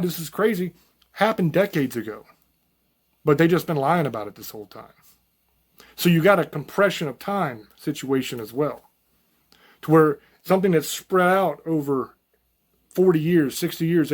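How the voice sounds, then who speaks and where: A man talks straight to his viewers in a loose, rambling monologue, blunt and folksy and quick to swear. His voice sits a little on the high side. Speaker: channel host. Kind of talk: unscripted monologue to camera.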